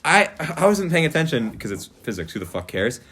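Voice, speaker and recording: A teenage boy hosting a casual chat among school friends. His voice swings widely in pitch as he tells rambling stories, swearing freely and mimicking the people in them. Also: very animated, a little fast, sharp tone, breathy edge. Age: teens. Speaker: podcast host.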